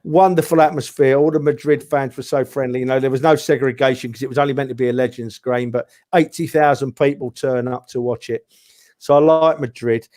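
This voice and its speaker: A man telling football stories in a casual podcast chat, animated and full of asides, often calling his friends mate. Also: medium pitch, a little fast. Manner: animated storyteller, says "mate" and "right?" a lot. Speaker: podcast regular.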